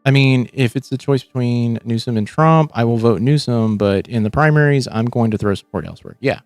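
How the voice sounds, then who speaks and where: A man rambles through his reactions as a livestream host, swearing freely and restarting his sentences. His voice sits at a middling pitch and sounds close and dry, with faint music playing underneath. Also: a little fast, darkish tone, no echo. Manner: rambling, profane, restarts often. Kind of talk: casual reaction commentary.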